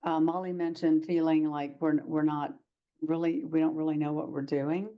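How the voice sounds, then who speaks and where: A woman's voice: sits low, level tone, normal speed, lo-fi sound. A woman presenting a workshop lecture to practitioners, talking in a conversational way and acting out short quoted exchanges.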